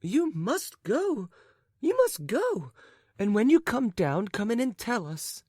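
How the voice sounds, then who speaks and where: A man voicing a giddy elderly noble lady, shrill and breathless with laughter. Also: expressive, unhurried, a little mellow, no echo, clean studio sound. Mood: eager.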